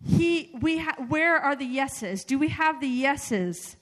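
A woman preaches in a loose, conversational manner, weaving personal stories through her sermon with plenty of filler words. Her voice sits a little high and swings between quiet confession and lifted exhortation. The sound carries a long reverb, as in a large hall. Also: takes it slowly. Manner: animated, conversational, many fillers.

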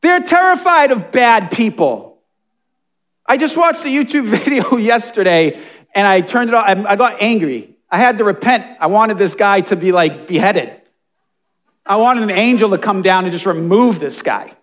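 A man preaching a sermon with passion, dropping to hushed asides and rising to emphatic, near-shouted points. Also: high voice, expressive, moderate pace. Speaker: pastor.

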